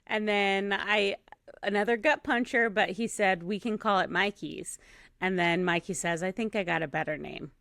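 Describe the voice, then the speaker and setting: A woman's voice: medium pitch, moderate pace, vocal fry, a bit bright, no echo, clean studio sound. A woman co-hosting a casual review podcast, chatty, with lots of agreeing murmurs. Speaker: podcast co-host. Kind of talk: casual chat.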